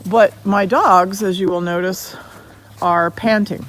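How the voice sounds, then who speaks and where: A woman's voice: mid-range voice, fairly even intonation, takes it slowly, poor audio. A woman dog breeder hosting a casual vlog outdoors in a pasture, talking informally about her dogs. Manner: chatty, informal, breaks off to call her dogs. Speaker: dog breeder and channel host.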